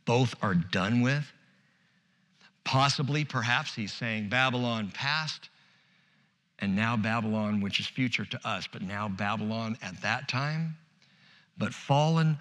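A man preaching an expository sermon as pastor, animated and conversational, with humorous asides. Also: mid-range voice, big-room sound.

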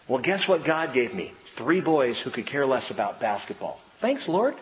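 A middle-aged male pastor preaching a sermon with animated delivery, acting out the voices of children and parents. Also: a little high, measured pace. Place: church sanctuary. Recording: long reverb in a large hall, faint background ambience.

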